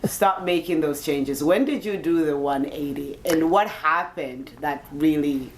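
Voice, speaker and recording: A woman's voice: sits low, a little slow, background noise. A woman host interviewing a guest, asking questions and murmuring short acknowledgments as the guest talks. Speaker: talk show host.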